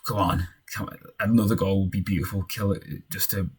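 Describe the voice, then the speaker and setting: Excitable young man, husky low voice, cheers and mutters at his match. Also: fairly quick, few pauses. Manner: excitable, cheering and shouting at goals, muttering when tense. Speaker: game commentator. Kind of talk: casual video game commentary.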